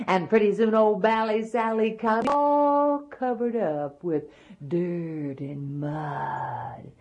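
A woman's voice: medium pitch, takes it slowly, darkish tone, dull audio. A woman storyteller telling a folk tale in a dramatic, folksy way, dropping to whispers.

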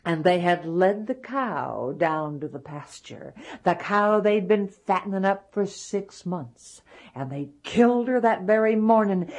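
A woman telling a folktale aloud, animated, with hushed, drawn-out endings. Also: medium pitch. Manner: animated, dropping to hushed asides. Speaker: storyteller. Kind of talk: folktale storytelling.

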